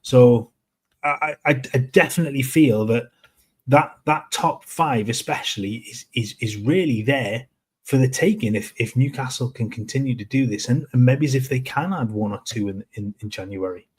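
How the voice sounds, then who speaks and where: Husky-voiced football co-host. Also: male voice, medium pitch, darkish tone. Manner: measured, analytical, many restarts. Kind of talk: live post-match reaction chat.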